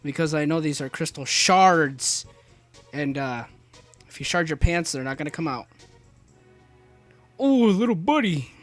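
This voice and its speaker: A young man talks his way through a video game in a loose, rambling commentary, stumbling over his words and breaking into jokes. His voice sits somewhat high for a man. Faint game music plays underneath him. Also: normal speed. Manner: rambling, joking, many restarts and fillers; jumps to high excited yelps. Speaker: let's play commentator.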